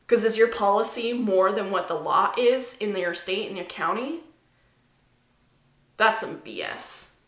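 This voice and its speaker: A woman speaks straight to camera in an indignant, emphatic rant, circling back and repeating her points. Her voice is bright and sharp. It rings with the echo of a hard room. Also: mid-range voice, a little slow. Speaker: vlogger. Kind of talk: angry personal rant to camera.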